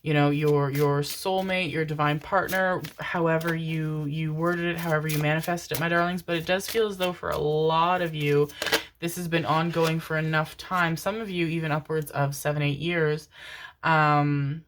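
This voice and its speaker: Low-voiced woman giving an affectionate tarot reading. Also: steady tone, moderate pace, slight background noise. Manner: affectionate, calls listeners "my darlings" and "my loves"; meandering, with many "um" fillers. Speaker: tarot reader. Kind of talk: casual tarot reading to viewers.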